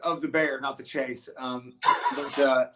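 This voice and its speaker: A man from the United States, a touring rock musician, telling stories as an interview guest, animated and full of restarts and fillers. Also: mid-range voice, unhurried, very noisy. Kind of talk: casual interview storytelling.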